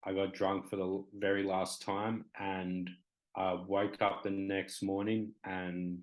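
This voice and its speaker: A man's voice: low voice, completely flat delivery, slow pace, poor audio. A man in his twenties with an Australian accent, a talk show guest speaking candidly and rambling with many fillers. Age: 20s.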